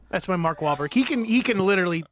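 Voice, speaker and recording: High, animated young podcast co-host. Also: male voice, a little hiss or hum. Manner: animated, jokey, does impressions. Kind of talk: casual chat.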